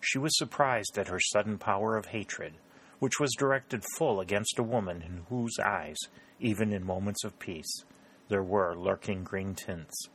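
A man narrating a novel as an audiobook in a measured storytelling delivery. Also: fairly low pitch, a bit bright, breathy edge.

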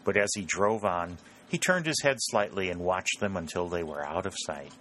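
Deep-voiced man reading an audiobook. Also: animated, normal speed, a bit bright, slight background noise. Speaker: narrator. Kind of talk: audiobook narration.

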